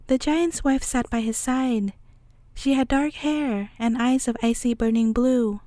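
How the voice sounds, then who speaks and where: A woman narrating a fairy tale as a bedtime story, reading in a calm, measured way. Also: on the high side, dry recording.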